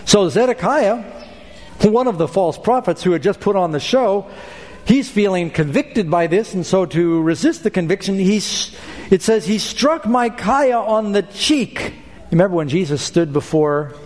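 A man's voice: on the high side, a little mellow. A man preaching a sermon as pastor, emphatic and storytelling, with asides to his listeners. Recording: long hall reverb.

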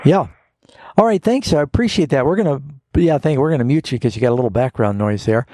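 A man, a pastor, answering listeners' Bible questions on a call-in radio show in an unhurried, explanatory teaching manner. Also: medium pitch, dark tone, a little hiss or hum.

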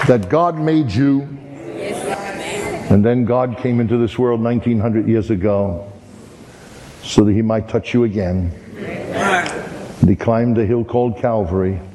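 A man's voice: mid-range voice, warm tone. A man preaching a sermon as a folksy story, often repeating "and, and" as he tells it. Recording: long hall reverb.

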